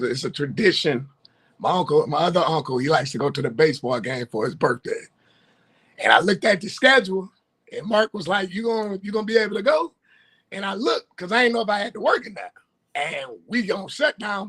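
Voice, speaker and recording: A man co-hosting a casual sports talk livestream, telling stories with laughter and loud bursts. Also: a little high, slightly rough. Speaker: co-host. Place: livestream call.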